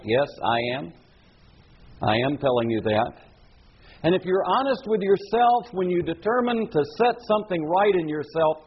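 A man's voice: a little high, breathy edge, highs cut off. A man preaching a sermon in an earnest, emphatic way, asking the listeners questions. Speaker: pastor.

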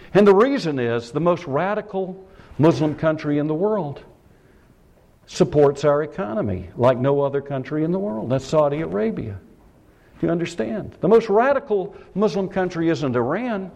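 A man preaching a sermon with passion, firing rhetorical questions and swinging between shouts and hushed lines. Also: sits high. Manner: impassioned, rhetorical questions, sudden shouts and drops.

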